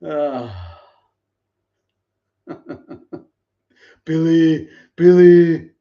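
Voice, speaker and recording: Guy doing a gruff action hero barking orders, loud and high, kinda muffled lo-fi stream. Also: big pitch swings, very slow, roomy sound, recorded from a distance, exaggerated voice. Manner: shouted clipped commands in a put-on accent.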